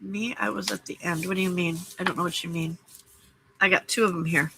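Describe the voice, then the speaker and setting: A woman's voice: on the low side, fairly even intonation, a little fast, gravelly, background noise. A woman hosting a late-night crafting livestream from her home craft room, chatting casually, greeting viewers by name and teasing herself.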